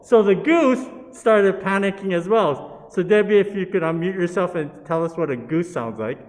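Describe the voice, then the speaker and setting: A man's voice: high voice, a little mellow, in a large hall. A man leading a Buddhist service, telling a story and handing out parts to participants on a video call. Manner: unhurried, coaxing storyteller who hands out parts.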